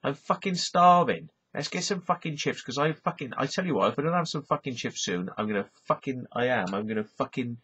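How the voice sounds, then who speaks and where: A man's voice: medium pitch, expressive, fairly quick, few pauses, slightly rough. A Welsh man doing a starving, sweary Welsh lad. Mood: rowdy. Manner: loud, profane, pleading. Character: hungry rowdy young Welsh lad craving chips. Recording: dull lo-fi recording.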